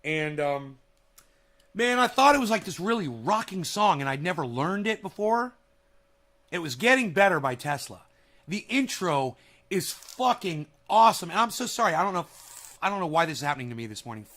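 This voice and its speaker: A man vlogging from home in a casual, rambling monologue, telling a story excitably and swearing often. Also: high-pitched, moderate pace. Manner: animated, profane, excitable storytelling. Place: at home, near a kitchen.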